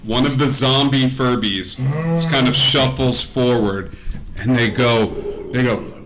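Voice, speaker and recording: A man running a live-streamed tabletop game as game master, telling the scene in a lively, descriptive way with plenty of fillers. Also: mid-range voice, a little slow, slight background noise.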